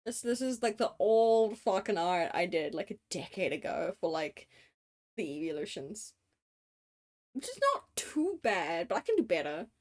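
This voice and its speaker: A woman's voice: fairly low pitch, sing-song, moderate pace, a little mellow. An Australian woman in her late twenties, streaming casual chat while drawing, rambling with many fillers, casual swearing and frequent laughs. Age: late 20s.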